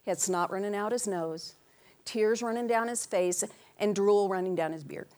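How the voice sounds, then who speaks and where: Woman preaching in church, lively and playful, suddenly gets loud calling out to the room, acts out little voices. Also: medium pitch, moderate pace. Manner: animated, calls out to the congregation in big loud bursts. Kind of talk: sermon.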